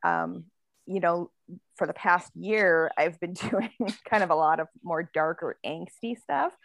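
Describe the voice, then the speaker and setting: A woman's voice: fairly low pitch, unhurried, creaky, no echo. A woman author in a casual podcast interview, talking in a chatty way with many fillers and frequent laughter. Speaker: author guest.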